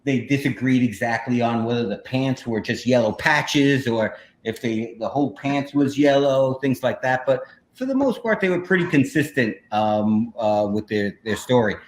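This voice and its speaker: A man rambles through a story to a livestream audience, filling pauses with ums and restarting his sentences. His voice sits in a roomy, echoing space with a faint hiss behind it. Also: medium pitch. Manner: rambling, many fillers and restarts. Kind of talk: casual storytelling with slides. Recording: echoey room with faint noise.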